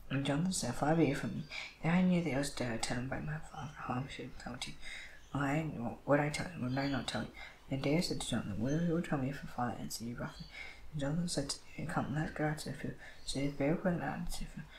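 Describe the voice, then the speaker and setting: A man reading scripture aloud, moving quickly and often stumbling over words and starting lines again. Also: medium pitch, a little hiss or hum, low-quality recording. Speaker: Bible reader.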